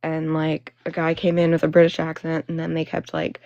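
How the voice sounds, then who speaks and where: A woman's voice: low voice, monotone, fairly quick, a little mellow, no echo, dull audio. A young woman hosting a phone livestream, chatting and ranting casually, full of fillers and laughing between phrases. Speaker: livestream host. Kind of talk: casual live-stream chat and rant.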